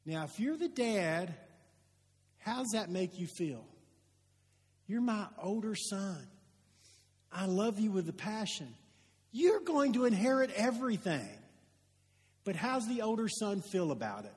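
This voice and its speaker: A man preaching a sermon, retelling a story with rhetorical questions and shifting from loud emphasis to hushed asides. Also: high-pitched, animated, normal speed. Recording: long hall reverb.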